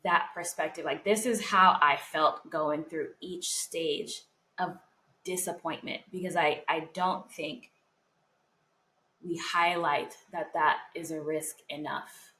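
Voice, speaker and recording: A woman's voice: sits low, steady tone, takes it slowly, bright, forceful tone. A young woman co-hosting a podcast, talking in an earnest, emotional way about faith and her own life. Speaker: podcast co-host. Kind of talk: heartfelt casual chat.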